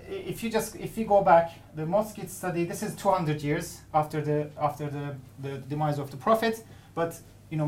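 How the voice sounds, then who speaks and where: A woman with a somewhat low voice presents her research to an academic audience. She speaks haltingly, restarting phrases and filling pauses as she goes. A faint hiss sits under the recording. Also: a little mellow. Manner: halting, many restarts and fillers. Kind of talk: conference paper presentation.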